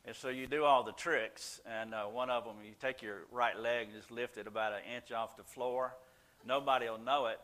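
A man's voice: mid-range voice, steady tone, normal speed, a bit bright. An older man, a Christian counselor, telling folksy, self-deprecating stories to a small group in a casual way, with many "uh" fillers. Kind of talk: casual storytelling talk.

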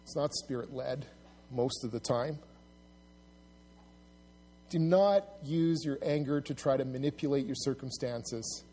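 A man's voice: a little slow, long pauses, soft background music. A man preaching a sermon to his congregation, earnest and plain-spoken, often restarting his sentences. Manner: earnest, restarts often, rises loud and high when acting out mockers. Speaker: pastor.

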